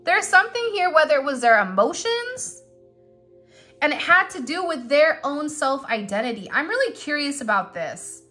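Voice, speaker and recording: A woman's voice: high-pitched, very animated, moderate pace, bright, forceful tone, faint music behind. A young adult woman giving a rambling, chatty tarot reading to her viewers, with frequent restarts. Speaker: tarot reader.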